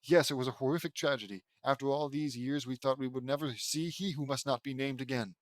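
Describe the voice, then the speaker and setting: A man's voice: mid-range voice, fairly even intonation, fairly quick, no room sound, close to an everyday voice. A man reading a solemn wizard council elder.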